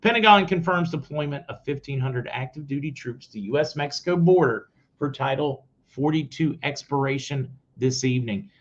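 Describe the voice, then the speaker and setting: Blunt opinionated man with lo-fi audio. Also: mid-range voice. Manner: blunt, opinionated, talks straight to viewers. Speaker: news commentary host. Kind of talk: unscripted opinion commentary. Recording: slightly dull lo-fi audio.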